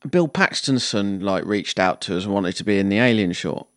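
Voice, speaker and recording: A man, co-hosting a casual film podcast with dry, teasing remarks and halting fillers. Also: fairly low pitch, expressive, fairly bright tone. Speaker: podcast co-host.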